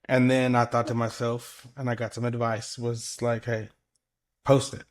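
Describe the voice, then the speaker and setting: Man, podcast co-host, casual rambling chat, swears a lot, mid-pitched voice. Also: completely flat delivery, moderate pace. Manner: rambling, loose, swears freely, fills with "like" and "you know".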